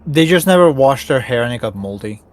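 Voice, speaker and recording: A stream guest who drops dry, joking quips into a casual chat. The pitch sits mid-range, with faint music in the background. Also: expressive, a little fast.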